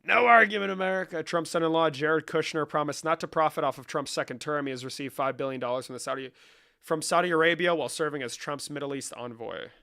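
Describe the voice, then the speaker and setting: A man with a fairly high, gravelly voice talks through a comedic vlog. His tone is bright and forceful, and he keeps up a profane, mock-serious, rambling banter. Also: fairly even intonation, quick pace. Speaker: comedic creator. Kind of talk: comedic screen-share vlog.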